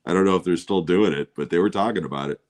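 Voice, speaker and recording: A man's voice: low voice, quick pace. A middle-aged man in casual chat on a watch party, telling stories with profanity and laughing often.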